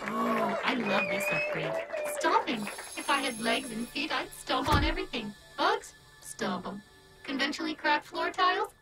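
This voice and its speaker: A woman's voice: medium pitch, huge pitch swings, normal speed, low-quality recording. A woman voicing a chipper female AI companion in a video game, with a bubbly, sing-song delivery. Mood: gleeful. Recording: game audio under loud music.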